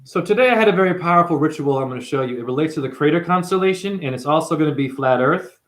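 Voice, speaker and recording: Intense preaching man, slightly high voice. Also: expressive, fast talker. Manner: intense, confrontational, profane, fires rhetorical questions at the viewer. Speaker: spiritual teacher. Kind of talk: unscripted preaching monologue.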